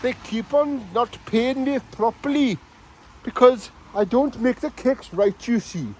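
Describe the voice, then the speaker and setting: A man's voice: very high-pitched, unhurried, a little mellow, a little hiss or hum, rough recording. A man voicing a fussy male Welsh baker in a put-on Welsh accent.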